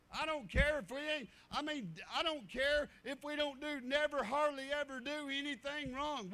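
A man's voice: very high voice, bright, forceful tone. A middle-aged man preaching a sermon in a folksy way, repeating himself and acting out stories.

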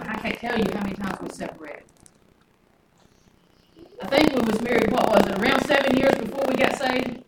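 A woman, preaching a folksy sermon and calling on the congregation to answer back. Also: sits high. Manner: folksy, calls on the congregation for responses. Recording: echoey room, mic at a distance, noisy.

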